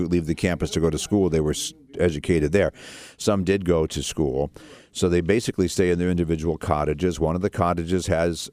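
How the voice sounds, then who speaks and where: Man, radio host, very deep voice, dry studio sound, earnest, rambling. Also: a little mellow, dry recording. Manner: rambling, earnest, frequent restarts and fillers. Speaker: radio talk show host. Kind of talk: casual radio talk.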